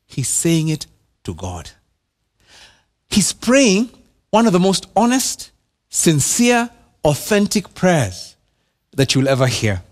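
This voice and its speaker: A pastor with a Kenyan accent preaches a sermon in church in a male voice on the high side. He is animated but slow-paced, with long pauses, repeating words and dropping to a hush for emphasis.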